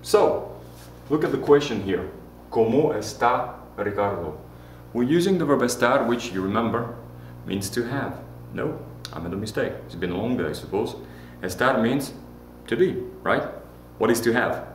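Male language teacher, talkative and patient, mid-pitched, roomy echo with a faint hum behind. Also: lively intonation. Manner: chatty, self-correcting, repeats examples slowly. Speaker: Spanish teacher. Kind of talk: classroom-style language lesson.

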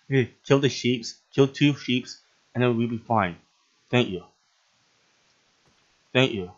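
Excitable young-sounding gaming commentator. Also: male voice, medium pitch, slow pace, pauses often, muffled recording. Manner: excitable, laughs often, bursts into yelps. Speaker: gaming channel host. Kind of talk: gameplay commentary.

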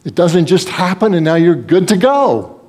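A man's voice: sits high, sing-song, normal speed, darkish tone. A man preaching a sermon as pastor, earnest and conversational, with folksy asides.

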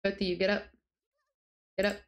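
A woman's voice: mid-range voice, level tone, a little fast. A young woman giving casual gameplay commentary, rambling and exasperated, talking to the characters in her game. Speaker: gaming YouTuber.

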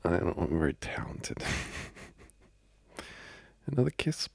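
A clingy, teasing young boyfriend, played by a man, murmurs in a whispered role-play. His deep voice is gravelly and breathy. He drawls slowly with a lively, swooping lilt. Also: exaggerated voice. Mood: clingy, cozy. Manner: soft intimate whispering with giggles. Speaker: ASMR role-play creator.

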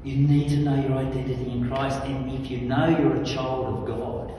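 A man preaching a charismatic sermon, fervent, swinging from soft asides to loud commanding shouts. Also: mid-range voice, little pitch movement, normal speed, a little hiss or hum. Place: large hall with long echo. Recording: echoey hall from far off, faint ambience.

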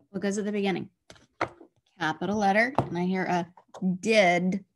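A woman teaching a phonics lesson to children, slowly and patiently sounding out letters and words. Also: medium pitch, steady tone, noisy background.

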